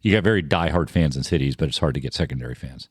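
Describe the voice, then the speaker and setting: A deep-voiced man hosts a casual podcast, talking fast and stammering through restarts. His pitch still moves a lot, and the sound is close and dry. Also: lively intonation, slightly rough, no echo. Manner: stammering restarts, quick chatty replies. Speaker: podcast host.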